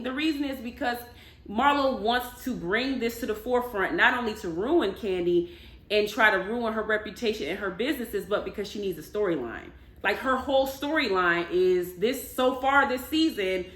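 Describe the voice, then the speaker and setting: A woman vlogger talks through a reality-show recap in a loose, chatty way, leaning hard on emphasis as she tells the story. Her voice sits a little high. The room around her echoes. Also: lively intonation, moderate pace, fairly bright tone. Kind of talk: casual spoken recap.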